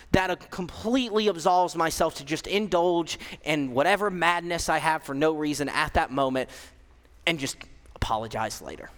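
Young male preacher, high voice, casual sermon delivery with fillers, reverberant hall. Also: a bit bright. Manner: conversational, self-deprecating, frequent fillers and restarts.

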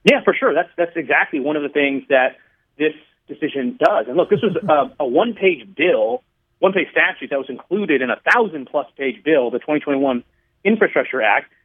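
A man with a fairly high voice speaks as a radio guest and explains a policy in a measured way. He comes through a thin, tinny phone line. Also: lively intonation. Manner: measured, explanatory, tells stories to make points. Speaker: radio guest, regulatory commissioner.

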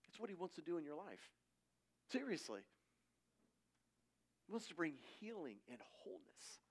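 A middle-aged preacher gives a conversational sermon in a high voice with big pitch swings at a moderate pace. He tells stories casually and acts out the voices of the people he quotes.

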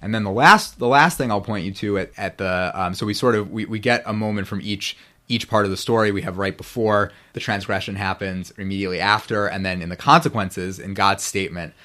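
A man's voice: lowish voice, a little fast, sharp tone. A man lecturing on biblical Hebrew grammar in a rambling, self-correcting way. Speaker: guest scholar.

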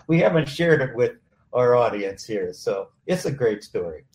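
Halting male host in a roomy space. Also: medium pitch. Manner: relaxed, halting, with many "uh" pauses. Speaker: host, also a touring musician. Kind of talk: casual conversation. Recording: roomy sound with faint background noise.

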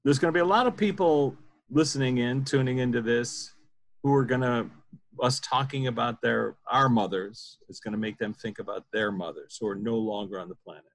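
A man's voice: medium pitch, a little fast. A man hosting a casual interview, joking and self-deprecating as he leads the talk. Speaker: podcast host.

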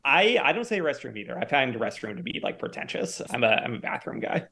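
Podcast co-host guy, easygoing, laughs along, middle pitch voice. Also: sing-song, a little fast, gravelly, sharp tone. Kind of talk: casual chat.

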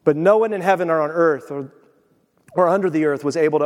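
A man preaching a sermon as a pastor, animated, swinging between loud bursts and hushed, quiet passages. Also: on the high side, fast. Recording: long hall reverb.

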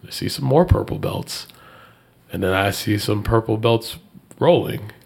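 Gravelly-voiced man telling a story. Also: unhurried. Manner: animated, jumps high when quoting people. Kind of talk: casual storytelling chat.

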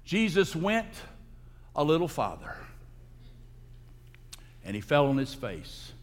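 A male pastor giving a sermon in a church sanctuary, preaching emphatically and breaking into loud, high outbursts. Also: big pitch swings, takes it slowly. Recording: long hall reverb.

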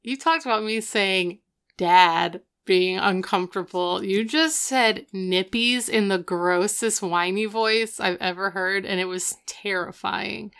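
A woman's voice: mid-range voice, takes it slowly, a bit bright, clear, resonant tone. A woman co-hosting a podcast, chatting and teasing while recapping a sitcom episode. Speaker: podcast co-host. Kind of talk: casual recap chat.

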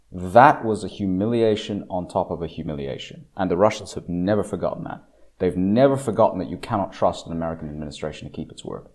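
A man giving a blunt, opinionated political monologue. He slows down to stress key phrases and breaks off into restarts and asides. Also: low voice, darkish tone. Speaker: political commentator.

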